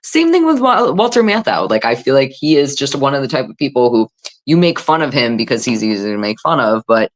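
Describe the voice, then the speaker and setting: A woman's voice: very deep voice, very animated, fairly quick. A woman hosting a casual livestream, reading chat comments aloud and chatting in a self-deprecating, filler-heavy way. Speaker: livestream host.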